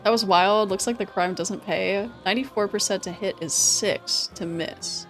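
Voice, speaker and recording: A woman streaming a game, talking casually, excitable, swearing freely and laughing often. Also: medium pitch, normal speed, soft background music. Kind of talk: casual gameplay commentary.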